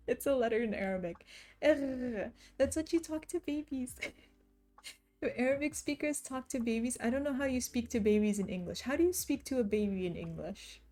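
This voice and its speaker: A woman's voice: high voice, moderate pace, mellow. A woman streamer chatting casually and reading her chat aloud, often laughing as she talks.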